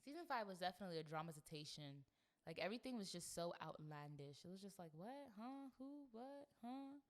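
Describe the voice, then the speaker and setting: A woman's voice: lowish voice, expressive, brisk. A young woman hosting a podcast in a casual, playful, chatty way. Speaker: podcast host. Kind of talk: casual chat.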